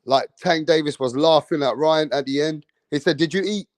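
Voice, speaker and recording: A man's voice: a little high, steady tone, normal speed, dry recording. A young man hosting a live boxing stream, calling out viewers by name in casual street slang. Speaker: boxing livestream host.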